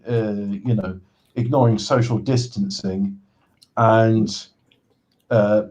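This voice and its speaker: A man hosting a casual livestream game show, talking haltingly with many restarts and dry sarcastic jokes. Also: medium pitch, darkish tone, poor audio.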